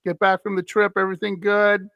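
A man's voice: high voice, little pitch movement, brisk, gravelly, pushed and bright, dry recording, muffled recording. A man co-hosting a casual sports podcast, laughing often and answering with short agreeing interjections. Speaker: podcast co-host.

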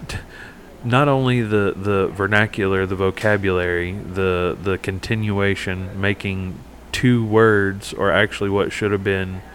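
Man, podcast co-host, low voice, rambling chatty delivery, faint hiss behind. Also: fairly even intonation, measured pace, a bit bright. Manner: rambling storyteller, many fillers and restarts. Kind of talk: casual chat.

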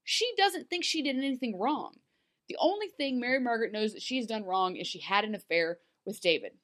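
A woman co-hosting a podcast in casual chat, talking in an animated way with lots of "like"s and quick asides. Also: on the high side. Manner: chatty, animated, many fillers, laughs while talking. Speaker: podcast co-host.

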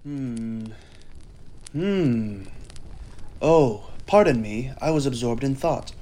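A man reading a scripted podcast promo in a calm, courteous, old-fashioned formal manner. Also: medium pitch, moderate pace. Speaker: podcast host in a promo spot. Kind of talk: scripted atmospheric narration.

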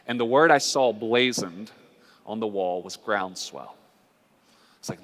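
A man preaching a sermon as a pastor, earnest and conversational, with drawn-out dramatic pauses. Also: on the low side, a bit bright. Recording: long hall reverb.

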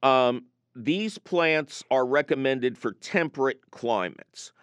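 A man's voice: mid-range voice, slow pace, clear, resonant tone, dry recording. A man hosting a call-in gardening radio show from a studio, chatting casually and telling jokey stories. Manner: jokey, animated storyteller. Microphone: studio microphone.

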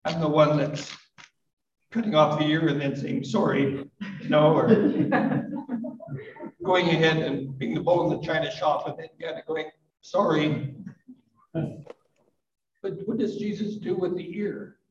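A man in his fifties or older preaching a live sermon, gentle and reflective, with light self-deprecating humor. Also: fairly high pitch, slow, long pauses, slight background noise. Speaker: pastor. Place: church hall at a live service. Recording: roomy, distant, dull live recording.

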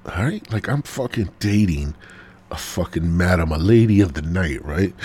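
A man's voice: low voice, animated, a little slow, a little mellow, a little hiss or hum. A man hosting a podcast, telling a rambling, profane story full of fillers and dropping into whispers. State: smoking while talking, coughing. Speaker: podcast host. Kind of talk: casual storytelling monologue.

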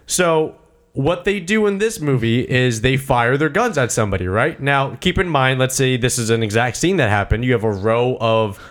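A man's voice: mid-range voice, moderate pace. A young man recapping a movie in casual chat, rambling and swearing with many side notes. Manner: rambling, animated, profane, full of side notes. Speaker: podcast co-host recapping a movie.

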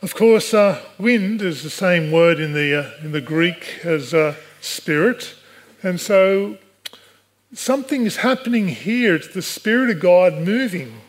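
A man's voice: high-pitched, lively intonation, a little slow. A man, a pastor, preaching a sermon in an earnest way, with rhetorical questions to the congregation. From Australia.

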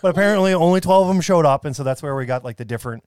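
A man's voice: on the high side, expressive, racing, darkish tone, clear, resonant tone, no room sound, clean studio sound. Rambling, laughing man. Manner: rambling, laughs often, loose with facts. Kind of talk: casual chat.

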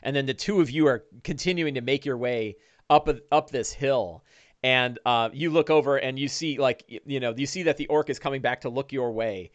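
A middle-aged man narrating a one-on-one tabletop game as dungeon master, with a relaxed, rambling manner full of fillers and restarts. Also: mid-range voice, no echo.

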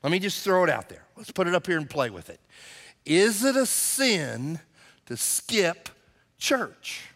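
A man's voice: high voice, very animated, unhurried, fairly bright tone, big-room sound. A man preaching a conversational, emphatic sermon as pastor, acting out quotes in character voices.

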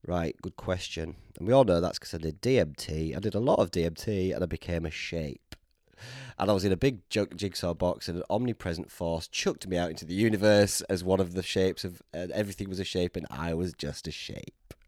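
A man's voice: deep voice, fairly quick, darkish tone, no echo, studio quality. A young man with a Yorkshire accent hosting a podcast, joking around in casual chat. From Yorkshire, England. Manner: playful, jokey banter with bursts of laughter. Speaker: podcast host.

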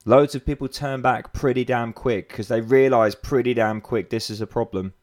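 British male coach, blunt and sweary, rambling pep talk, mid-pitched voice. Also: fairly even intonation, moderate pace, darkish tone. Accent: British English. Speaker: fitness coach. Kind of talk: motivational monologue.

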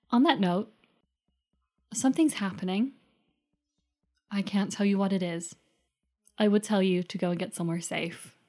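A woman's voice: mid-range voice, warm tone. A woman playing a character in a tabletop game, talking casually and a little hesitantly. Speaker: player. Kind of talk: tabletop role-play chat.

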